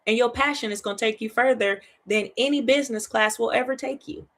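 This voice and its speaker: Fairly quick and a little high-pitched, a woman hosts a Bible study with a casual, chatty approach. She's full of energy, laughing frequently, tossing in "right?" again and again and repeating phrases to stress them.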